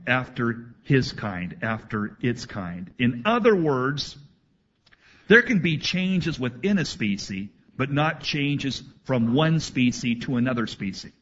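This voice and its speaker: A man preaching a sermon to his congregation, reading scripture aloud and adding animated asides. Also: medium pitch, dull audio, a little hiss or hum. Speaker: pastor.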